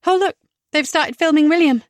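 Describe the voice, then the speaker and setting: A woman doing a brisk, spirited businesswoman in an audiobook, a touch higher and louder than the narration. She sounds forthright and lively, recorded dry and close. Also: dry recording, close to an everyday voice.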